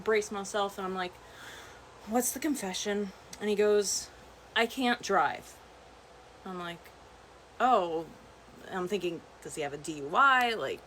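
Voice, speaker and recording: A young adult woman telling a chatty, animated dating story, vlog style, full of "like" and "right?". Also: medium pitch, a little hiss or hum. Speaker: vlogger.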